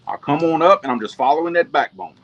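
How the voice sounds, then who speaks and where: A man's voice: fairly high pitch, animated, fast talker, fairly bright tone, highs cut off. A man from Louisiana with a Southern accent, hosting a casual fishing livestream and talking viewers through each step in a folksy way. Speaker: fishing show host.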